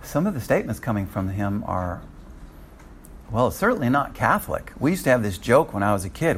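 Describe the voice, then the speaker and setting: A man's voice: mid-range voice, sing-song, quick pace, slightly rough. An older man teaching a Bible study in a conversational way, often restarting his sentences.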